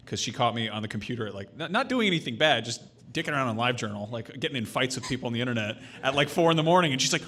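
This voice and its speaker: Bright, lively-voiced man telling stories. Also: medium pitch, racing, hardly any pauses. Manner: laughs while telling stories, does exaggerated voices. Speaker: panelist. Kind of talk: casual podcast storytelling.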